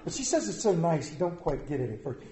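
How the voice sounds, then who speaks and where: A middle-aged pastor preaching a sermon, telling folksy stories with self-deprecating humor. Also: male voice, a little high, sing-song, fast, dark tone, reverberant.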